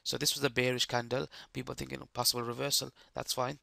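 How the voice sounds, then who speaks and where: A man with a hoarse, croaky voice giving live trading commentary, explaining chart steps and checking that the viewers follow. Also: mid-range voice, little pitch movement, fast, sharp tone, no room sound, clean studio sound. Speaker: trading streamer.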